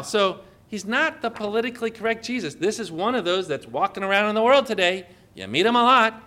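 Bright high-voiced guy preaching a sermon, punchy, keeps asking the crowd questions. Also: lively intonation, normal speed. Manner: emphatic, asks the congregation questions. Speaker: pastor.

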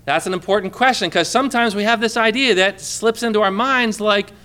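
A man's voice: high-pitched, a little fast, bright, forceful tone, smooth. A man preaching a sermon to a congregation in a church, in a conversational way, asking many questions and calling for amens. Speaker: pastor.

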